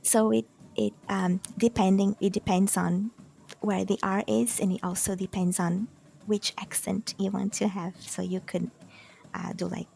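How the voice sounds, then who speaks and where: A woman's voice: mid-range voice, level tone, unhurried, creaky, mellow, a little hiss or hum. A woman from Santos, Brazil, with a Brazilian Portuguese accent, patiently explaining pronunciation on a podcast with lots of fillers. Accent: Brazilian Portuguese (São Paulo coast). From Brazil, Santos in São Paulo state. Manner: patient, hesitant with many fillers, demonstrates sounds. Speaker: co-host teaching Portuguese. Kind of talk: casual explanatory podcast lesson.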